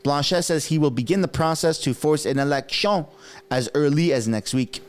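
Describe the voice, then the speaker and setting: Excitable thirty-year-old man hosting commentary. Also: on the high side, slight background noise. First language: French. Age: 30s. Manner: excitable, mocking, quick bursts of enthusiasm. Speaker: political commentary channel host. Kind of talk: casual political commentary vlog.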